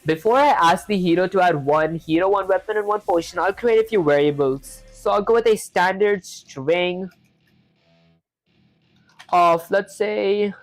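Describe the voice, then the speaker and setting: A woman's voice: medium pitch, unhurried, dry recording, faint music behind, rough recording. A woman streaming herself learning to code, talking through each step in a chatty way and answering viewers' comments, with a non-standard English accent. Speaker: programming streamer. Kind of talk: live coding stream, thinking aloud.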